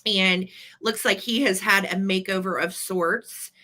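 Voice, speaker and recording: A woman's voice: medium pitch, fairly even intonation, measured pace, sharp tone. A woman co-hosting a live vintage sale, chatty and playful as she describes items in detail. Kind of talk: live-stream auction chat.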